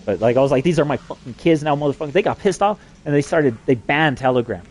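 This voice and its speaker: A man's voice: on the high side, expressive, fast talker, darkish tone, slight background noise. Profane, rambling man from New Mexico. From New Mexico, USA. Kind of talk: rambling monologue.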